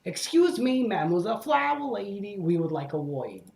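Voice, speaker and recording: A man's voice: on the high side, animated, fairly quick, mellow, roomy sound. A man voicing a dim, blundering young male sparrow who speaks in a blurting, pompous way.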